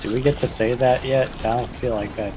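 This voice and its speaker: A man's voice: mid-range voice, steady tone, brisk, a little mellow, a little hiss or hum, low-quality recording. A man chatting casually with friends over a co-op game, with dry and sarcastic humor. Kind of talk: casual gaming chat.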